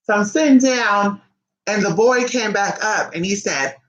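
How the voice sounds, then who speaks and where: A young adult woman telling a family story casually, animated and profane, acting out the people she quotes. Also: mid-range voice, a little slow, highs cut off. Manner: animated, profane, acts out quotes in shifting voices. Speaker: vlogger. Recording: echoey room.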